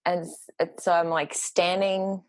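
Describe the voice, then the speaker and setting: A woman sharing a personal story in casual conversation, animated and halting, with many fillers. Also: fairly low pitch, no echo. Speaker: podcast guest.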